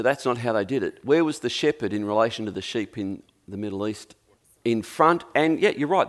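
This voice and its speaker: Chatty Australian male preacher. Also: lowish voice. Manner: conversational, jokey storytelling preaching. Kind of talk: sermon.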